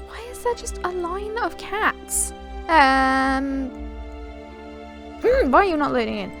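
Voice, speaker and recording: High, lively young woman narrating gameplay. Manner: chatty and animated, often bemused, with quick restarts. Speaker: gaming YouTuber. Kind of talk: casual gameplay commentary.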